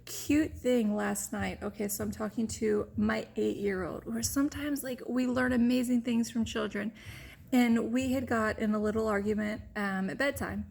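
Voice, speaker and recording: A woman's voice: fairly high pitch, steady tone, normal speed, gravelly, darkish tone, husky. A woman vlogger telling a candid personal story straight to the camera, open and rambling, with many "like"s and "you know"s.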